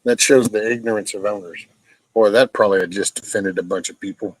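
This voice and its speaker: A man's voice: on the low side, fairly even intonation, fairly quick, dry recording, low-quality recording. A man in his sixties hosting a casual live stream, chatting bluntly and folksily with plenty of profanity while answering viewer comments.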